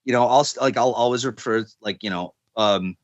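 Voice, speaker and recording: A man's voice: mid-range voice, brisk, no room sound, dull audio. A man with a light Newfoundland accent, talking in casual podcast chat, rambling with lots of fillers and restarts. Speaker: podcast co-host.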